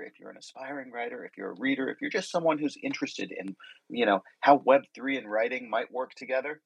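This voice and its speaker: A man's voice: mid-range voice, gravelly, husky, dry recording, poor audio. A man hosting a casual group conversation, welcoming and rambling with many restarts, in a slightly sick voice. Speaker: host. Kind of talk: casual group chat on a live audio stage.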